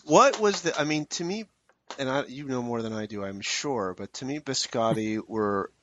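A man's voice: medium pitch, animated, moderate pace, a bit bright, lo-fi sound, a little hiss or hum. A man interviewing a guest, asking questions in a vivid, wry and descriptive way. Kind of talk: interview conversation.

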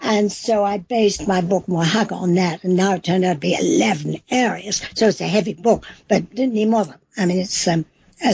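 Husky English-accented woman, enthusiastic. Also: fairly low pitch, a little mellow. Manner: enthusiastic, emphatic, rambling. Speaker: cookbook author guest. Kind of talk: interview on a call-in show. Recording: dull, lo-fi sound.

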